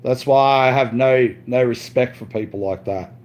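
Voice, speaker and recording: A man's voice: mid-range voice, moderate pace, a little mellow. A man ranting on his live stream, boastful and profane, repeating himself and saying "mate" a lot, with frequent stumbling restarts.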